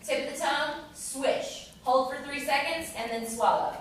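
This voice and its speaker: A tour guide leads a tasting group and asks questions as she explains. Her voice sits a little high, and she talks with a cheerful, teaching manner. She was recorded from a distance in a very echoey room with a group murmuring around her. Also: moderate pace, heavy background noise. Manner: upbeat and instructive, quizzes the group.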